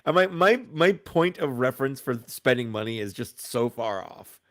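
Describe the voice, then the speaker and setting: Gravelly laid-back man, dry sound. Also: mid-range voice, animated, normal speed, no room sound. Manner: laid-back storyteller, trails off with laughs. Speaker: guest. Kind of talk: casual chat.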